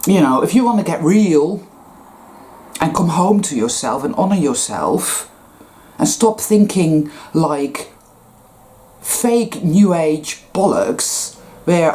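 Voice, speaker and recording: A woman's voice: sits low, lively intonation, takes it slowly, mellow. A woman giving a blunt, profane, emphatic spiritual rant to camera. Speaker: spiritual vlogger. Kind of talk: ranting spiritual monologue.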